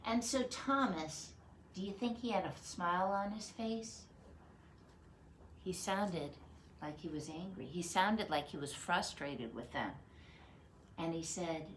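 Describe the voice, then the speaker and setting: Slow, expressive woman telling a Bible story. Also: lowish voice, a little hiss or hum. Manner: slow, expressive, asks the children questions. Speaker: children's Bible teacher. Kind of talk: storytelling to children.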